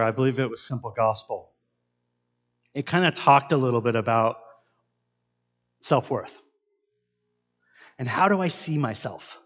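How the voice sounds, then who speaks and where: A man's voice: mid-range voice, fairly bright tone, highs cut off. A man preaching a sermon, earnest and asking his listeners many questions. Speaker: pastor.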